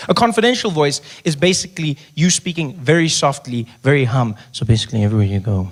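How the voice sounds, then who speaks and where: A man doing stand-up comedy, telling an animated story and often dropping into a soft, hushed voice. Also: on the high side, fast, few pauses. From South Africa. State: recovering voice. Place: comedy stage before a live audience.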